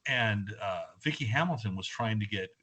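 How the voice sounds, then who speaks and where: A man guest on a podcast, telling animated stories in a casual chat. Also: on the low side, moderate pace, slightly rough. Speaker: guest musician.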